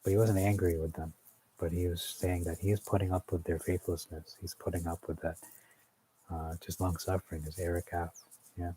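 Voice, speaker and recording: A man's voice: low-pitched, flat delivery, normal speed, mellow, slight background noise, low-quality recording. A man leading an informal Bible study, thinking aloud as he explains what words mean, with frequent fillers.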